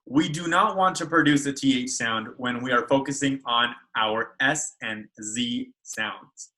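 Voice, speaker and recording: A man's voice: medium pitch, a little slow, hardly any pauses, pushed and bright, poor audio. A man speech therapist teaching children how to make speech sounds in a video lesson, carefully modeling each sound. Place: school.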